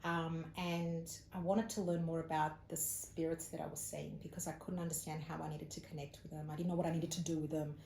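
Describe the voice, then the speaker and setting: A woman's voice: deep voice, brisk, few pauses. An Australian woman, a psychic medium as an interview guest, telling a personal story in casual conversation and acting out the people she quotes. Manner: animated storyteller, acts out quoted speech. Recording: echoey room with faint ambient noise.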